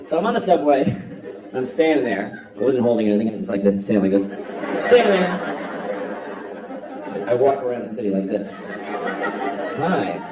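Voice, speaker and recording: A man doing a stand-up comedy set, talking in an animated way and sometimes breaking into loud mocking voices. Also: mid-range voice, moderate pace, pauses often. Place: large hall with live audience. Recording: echoey hall, mic far off, crowd. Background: audience laughter.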